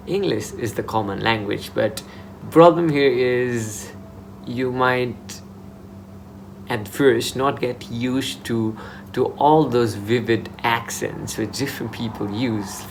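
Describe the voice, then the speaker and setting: A man's voice: on the low side, gravelly, noisy background. A young man in Dubai giving casual advice in a vlog, chatty and informal, often restarting his sentences. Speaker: vlogger.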